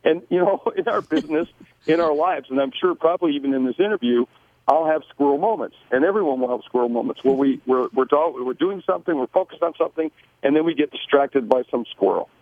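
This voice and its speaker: A man's voice: on the high side, fast, no echo. An American man, a guest author and business owner, talking brashly in a casual interview and often repeating words as he starts a sentence. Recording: tinny dry phone line.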